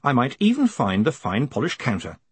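A man's voice: mid-range voice, huge pitch swings, fairly quick, slightly rough, dry recording, heavily acted. A man playing a charming, restless male con man who talks in a glib, self-mocking way. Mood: wry.

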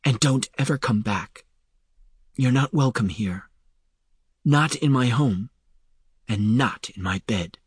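A man voicing a principled woman who speaks quietly and firmly in an audiobook. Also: mid-range voice, takes it slowly, pauses often, husky, no echo, clean studio sound. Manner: quiet, firm. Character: firm, principled winged woman healer.

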